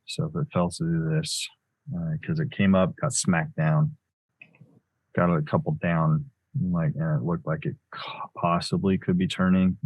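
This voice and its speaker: A man's voice: a bass voice, breathy edge, no room sound, poor audio. A man giving live commentary on his trades as he makes them, thinking aloud in a loose way that corrects itself as he goes.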